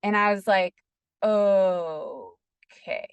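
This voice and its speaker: Woman guest, interview storytelling, gravelly fry, dry close sound, earnest and chatty. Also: mid-range voice, drawn-out words, no room sound. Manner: earnest, peppers speech with "like". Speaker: podcast guest.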